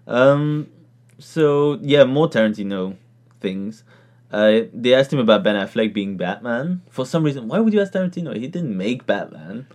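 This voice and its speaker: A man's voice: medium pitch, animated, normal speed, darkish tone. A man co-hosting a casual chat, rambling with fillers and laughing often. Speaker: podcast co-host.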